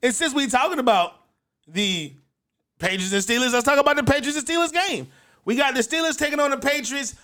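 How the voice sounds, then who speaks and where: A man's voice: very high voice, a little fast, sharp tone. A man hosting a sports podcast, giving his football picks in a brash, punchy, repetitive way. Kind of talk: solo sports picks commentary.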